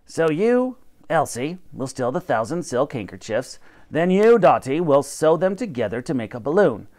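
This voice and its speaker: A man's voice: fairly high pitch, big pitch swings, normal speed, darkish tone. A man voicing a grand, snappish old professor who commands and lectures. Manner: commanding, pompous, bursts of rising emphasis.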